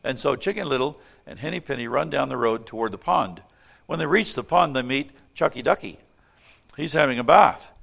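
A man reading a children's story aloud in an animated way, then speaking earnestly about faith and leading a prayer. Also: mid-range voice, a little fast, creaky. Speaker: storyteller and preacher.

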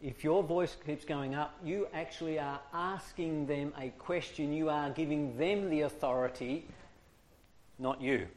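A man teaches a small group in a loose, talky way. He acts out his points by moving his voice up and down. His voice sits slightly on the high side. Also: a little slow, a little mellow. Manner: demonstrative, swings his voice high and low to make points. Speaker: speaker teaching discipline. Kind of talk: informal talk to a small group.

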